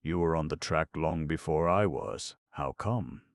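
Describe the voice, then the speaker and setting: Eager young gent in an audiobook, man reading, deep gravelly voice, brisk and excited. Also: no echo, studio quality, heavily acted. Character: eager young Boston gentleman. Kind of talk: audiobook narration.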